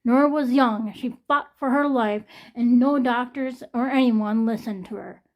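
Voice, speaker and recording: A woman's voice: fairly high pitch, unhurried, highs cut off. A young woman in an emotional personal vlog, venting and swearing, shaky and near tears from pain. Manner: distressed, venting, swearing often. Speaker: vlogger.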